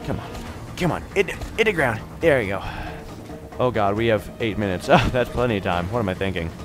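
A teenage boy in his mid-teens doing excitable, jokey let's-play commentary, yelping and shouting at the game. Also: on the low side, brisk, over music. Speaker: gaming YouTuber.

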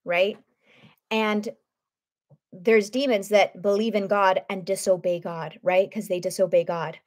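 A woman teaching through a Bible passage in a lively, conversational way, often checking in with her listeners. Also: medium pitch, measured pace. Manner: animated, conversational, frequent "right?" asides.

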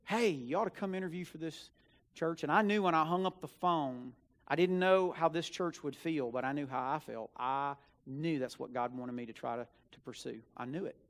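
A personal story fills the church sanctuary as a young male student minister preaches at normal speed in a fairly high voice. His delivery swings between whispered asides and emphatic, loud outbursts to hammer his message home.

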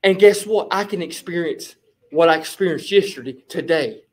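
A man sharing a rambling personal testimony with a Bible study group, animated and casual, peppering his talk with "flipping". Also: on the high side, normal speed. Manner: animated, rambling storyteller, repeats "flipping" as a filler.

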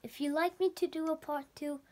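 A woman reading a comic book aloud, slowly and haltingly, stumbling over words now and then. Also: high-pitched, fairly even intonation, warm tone. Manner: slow, halting reading with slips. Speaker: story reader.

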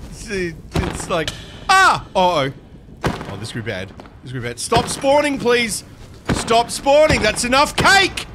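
A man giving live gameplay commentary, excitable and talking to himself, often yelping and laughing. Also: sits high, a little slow, background noise. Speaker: Minecraft streamer.

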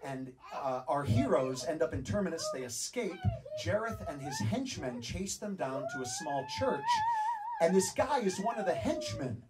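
A man's voice: sits high, huge pitch swings, moderate pace, far from the mic, loud music behind the voice, rough recording. A man telling a story to a live audience, acting out both sides of a back-and-forth conversation. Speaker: speaker telling a story on stage. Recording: stage talk from afar with audience.

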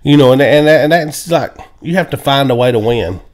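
A man hosting a casual football chat, laughing often and telling stories. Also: mid-range voice. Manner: laid-back, laughs often, drawn-out stories. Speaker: podcast co-host. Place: home, indoors.

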